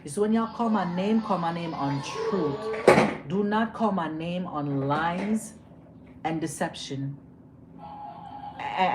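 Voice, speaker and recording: A young woman hosting a livestream, ranting heatedly and with lots of profanity, repeating lines for emphasis and dropping from loud outbursts to low muttering. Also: low-quality recording. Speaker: livestream host. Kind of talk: emotional livestream rant. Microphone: phone or webcam on a livestream. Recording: steady background noise.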